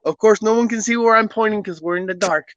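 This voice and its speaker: A man who is a podcast guest, casually telling a personal story in an animated way, often laughing and acting out what people said. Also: sits high, quick pace, no echo, lo-fi sound.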